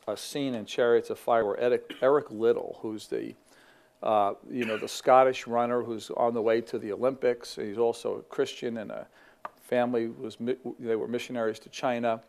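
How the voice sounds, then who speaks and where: Middle-aged man, gravelly voice, easygoing talk on faith, lots of "you know" and restarts. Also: medium pitch, darkish tone. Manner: conversational, with frequent fillers and restarts. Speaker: ministry vice president.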